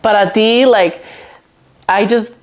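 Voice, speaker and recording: A woman's voice: mid-range voice, fairly even intonation, slow. An upbeat woman hosts a podcast in a casual conversation. She talks in a chatty way and often restarts her sentences mid-thought. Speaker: podcast host. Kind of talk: casual chat.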